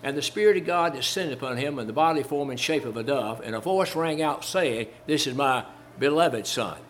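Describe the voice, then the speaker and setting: A man with a fairly high, lively voice preaches a Baptist sermon at a brisk clip, his tone a bit bright over slight background noise. He repeats phrases for emphasis, quotes King James scripture, and puts rhetorical questions to his listeners.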